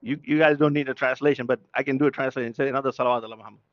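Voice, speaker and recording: A man's voice: medium pitch, steady tone, racing, dull audio. A man preaching an impassioned sermon at a mourning gathering. He fires off rhetorical questions and switches between English and Urdu.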